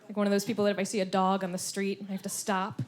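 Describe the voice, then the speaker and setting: A woman performing a stand-up comedy set on stage, animated, slipping into silly voices. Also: medium pitch, rapid-fire, slight background noise. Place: comedy club stage before a laughing audience.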